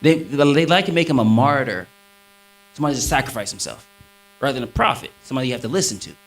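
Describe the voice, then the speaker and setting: Before an audience on stage, a man delivers a quick-paced sermon on scripture, captured in poor audio quality. He sounds lively and leans on preacherly emphasis as his pitch swings up and down.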